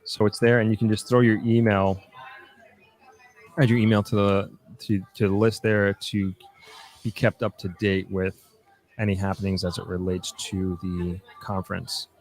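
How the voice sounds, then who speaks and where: A young man talks casually on a live stream, going through viewer questions one by one. His voice sits a little low, and his answers ramble with restarts, fillers and small asides. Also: little pitch movement, moderate pace, darkish tone. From New York, United States. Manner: reads out comments then answers, with frequent restarts and fillers. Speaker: livestream host answering viewer comments.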